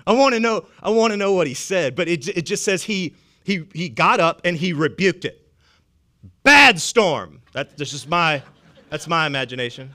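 A male pastor preaching a sermon in a conversational way, swinging between loud emphatic lines and hushed ones, often repeating words as he goes. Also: high-pitched, animated, moderate pace. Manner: frequent stammered repeats.

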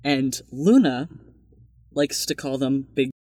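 A man's voice: medium pitch, slow pace, breathy edge. Sheepish teenage boy telling a story. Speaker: student guest. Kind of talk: casual storytelling.

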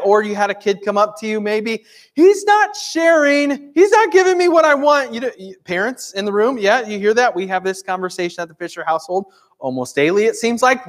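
A man in his thirties, a pastor preaching a conversational sermon in a church, earnest and full of rhetorical questions. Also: high voice. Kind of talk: sermon with prayer.

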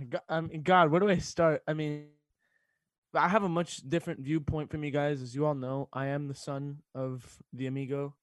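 A teenage boy, a student radio sports director, talks on air while fighting back tears, halting and laughing. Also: fairly high pitch, fairly even intonation, no echo. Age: teens. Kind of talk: emotional casual chat on radio.

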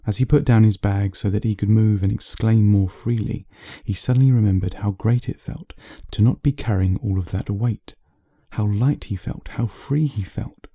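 Deep, dark-voiced man telling a bedtime story. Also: vocal fry, no room sound, clean studio sound. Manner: slow, steady storyteller. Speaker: author reading his own story.

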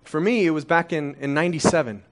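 A man's voice: on the high side, fast. A man in his thirties, originally from Korea, preaching a conversational sermon full of rhetorical questions. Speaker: pastor.

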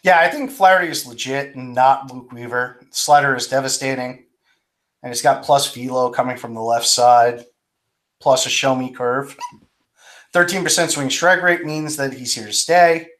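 A man's voice: medium pitch, fairly bright tone. A man co-hosting a podcast in casual chat, with many ums and restarts. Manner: halting, lots of restarts and ums. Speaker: podcast co-host.

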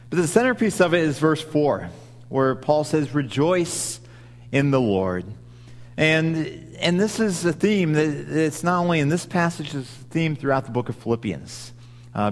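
Male pastor, relaxed conversational sermon, mid-range voice, lingering hall echo. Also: mid-range voice. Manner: conversational, with frequent restarts and asides.

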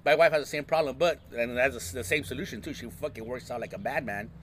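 A podcast co-host with a medium-pitched, slightly bright voice talks at a quick pace in casual chat at a community center. He jokes and swears freely in profane banter.

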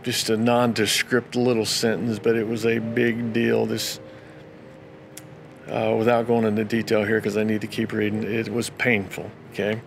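A man's voice: lowish voice, completely flat delivery, normal speed, vocal fry, slight background noise. Man reading scripture for a devotional. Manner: reads scripture aloud, breaking off into brief casual commentary. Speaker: pastor. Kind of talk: daily devotional Bible reading.

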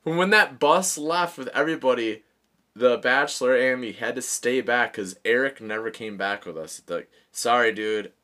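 Bright-voiced man telling a rowdy story. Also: mid-range voice, normal speed. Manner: animated storyteller, swears freely, laughs through his stories. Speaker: podcast host. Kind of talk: casual storytelling chat.

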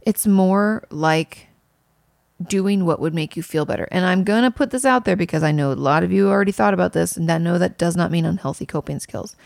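Earnest low-voiced woman, creaky, dry. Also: fairly quick, a little mellow, no room sound. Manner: earnest, conversational, many fillers, emphatic. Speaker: mental health creator answering viewer questions. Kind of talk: casual Q&A monologue.

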